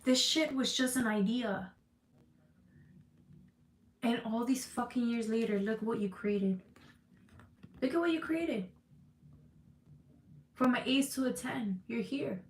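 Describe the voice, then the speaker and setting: Woman tarot reader, fairly high voice, tearful, blunt and profane, echoey room. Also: takes it slowly, pauses often. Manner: emotional, tearful, swearing, addresses viewers as y'all. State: crying. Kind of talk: emotional tarot reading to viewers.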